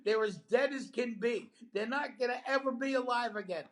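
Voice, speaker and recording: A man's voice: extremely high pitch, normal speed, pitched above the performer's own voice. A man impersonating a fellow comedian who bluntly and repeatedly scolds hecklers from the stage. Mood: exasperated. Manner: blunt, repetitive ranting.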